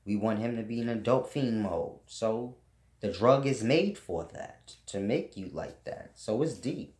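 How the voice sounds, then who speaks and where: A man's voice: on the low side, animated, measured pace, darkish tone, reverberant. A man hosting his own channel, delivering a casual, preachy monologue full of blunt, profane rants. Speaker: channel host teaching spiritual ideas.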